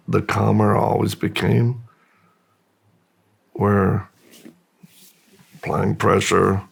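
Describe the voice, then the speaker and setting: A man from the United States, a guest in an interview, slowly and reflectively telling his life story with pauses and restarts. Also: fairly low pitch, gravelly, breathy edge.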